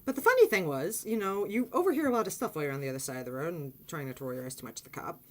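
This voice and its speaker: Animated woman telling a story. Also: rapid-fire. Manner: animated, swearing, acts out quotes in high excited voice. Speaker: vlogger. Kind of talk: casual storytelling vlog.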